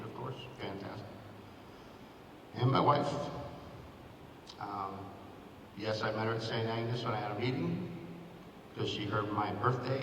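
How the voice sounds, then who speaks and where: A man in his fifties, a former athletic director, giving a sentimental hall of fame acceptance speech and thanking many people by name. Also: lowish voice. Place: school gym at a ceremony. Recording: echoey gym, picked up from far off, noisy.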